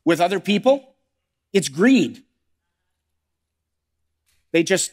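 A man's voice: high-pitched, lively intonation, moderate pace, pauses often, long reverb tail. A man preaching a sermon as pastor, firing off rhetorical questions and acting out the voices of struggling believers. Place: church sanctuary.

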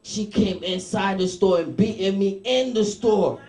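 A man's voice: high-pitched, a little slow, darkish tone, echoey room. A man from Haiti doing a stand-up comedy set, chatty and loose, laughing at his own jokes.

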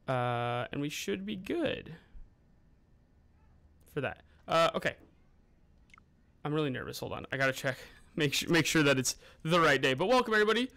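A man's voice: fairly high pitch, unhurried, gravelly, long pauses, bright, forceful tone. A young man streaming a game live, chatting casually and greeting viewers by name as he plays and eats. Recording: music playing underneath.

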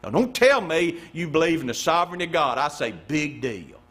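A man, a pastor preaching a sermon, firing rhetorical questions and dropping suddenly to a hush. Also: very animated, fast. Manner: preaching with swooping pitch, rhetorical questions and sudden hushed drops.

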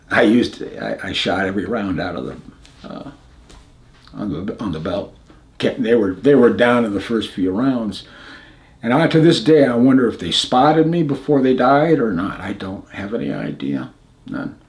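A man in his seventies from the United States, telling war memories in an interview in a halting, plain-spoken way, often restarting, his voice going hushed at grim moments. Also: mid-range voice. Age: 70s. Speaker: veteran interviewee. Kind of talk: recounting combat memories in an interview.

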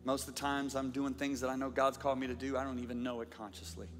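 A middle-aged man preaching a sermon, telling stories animatedly and swinging between shouting and quiet asides. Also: medium pitch, flat delivery, fast talker. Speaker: pastor. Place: large church or auditorium. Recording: reverberant hall with music.

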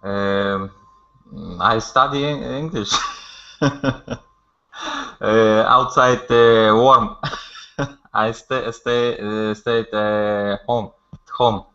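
Super slow halting student, bright sound, muffled call audio. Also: medium pitch, fairly even intonation. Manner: hesitant, many pauses and fillers, nervous laughs. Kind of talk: halting learner English.

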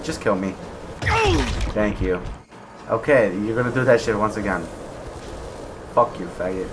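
A young man giving gameplay commentary, swearing, swinging between low mutters and raging shouts. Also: a little slow, pauses often, noisy background. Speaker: gaming video creator.

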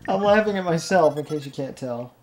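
A man's voice: fairly high pitch, animated, fairly quick, background noise. A young man rambling through casual, self-deprecating commentary while playing a video game, often laughing at his own jokes. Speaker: let's play gamer. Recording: game music playing underneath.

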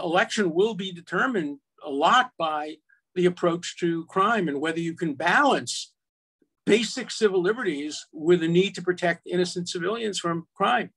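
Older guy arguing hard, fairly high voice, keeps restarting his sentences. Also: vocal fry, fairly bright tone, breathy edge. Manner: argumentative, emphatic, frequent restarts. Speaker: guest, attorney and law professor. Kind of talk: casual conversation.

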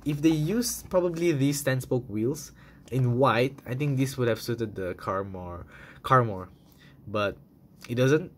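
A man's voice: mid-range voice, slight background noise. A young man casually reviewing toy cars in a chatty, enthusiastic vlog style, full of fillers.

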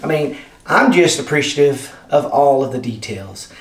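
A man's voice: mid-range voice, lively intonation, moderate pace, far from the mic. Eager man talking from across a roomy space. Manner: enthusiastic, rambling, addresses viewers as guys. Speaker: product reviewer. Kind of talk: casual unboxing vlog. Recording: roomy sound, off-mic.

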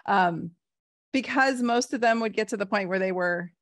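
A woman in her forties talks with frank, lively energy, punching points with emphatic bursts and easy laughs. Her voice sits in a middle register, and the sound is dry and close with no room around it. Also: medium pitch, normal speed, dry recording. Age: 40s. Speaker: guest doctor. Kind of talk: casual interview talk.

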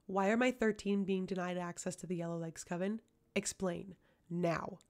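A woman voicing a fierce, imperious witch leader who demands answers bluntly, in a gravelly voice with little rise and fall. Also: medium pitch, steady tone, normal speed, a little mellow, lightly acted. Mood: demanding.

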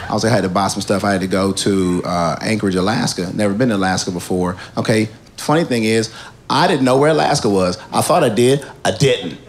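A man doing a stand-up comedy set, animated and rambling, with crude punchlines. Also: on the low side, fairly quick, background noise.

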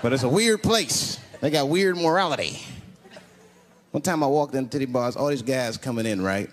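A man doing a brash, profane stand-up comedy routine with animated storytelling. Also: mid-range voice, normal speed. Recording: live show with loud audience laughter. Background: loud crowd laughter and noise.

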